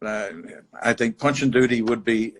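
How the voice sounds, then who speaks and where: A man with a New York accent, a bar owner, chatting over a video call and telling stories in a halting way with many restarts. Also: medium pitch, steady tone. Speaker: interview guest, bar owner. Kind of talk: casual storytelling chat.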